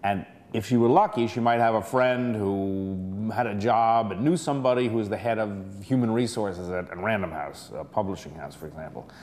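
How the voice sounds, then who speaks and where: A man's voice: lowish voice, moderate pace, few pauses, darkish tone. A man presenting a lecture as an earnest, persuasive, conversational story.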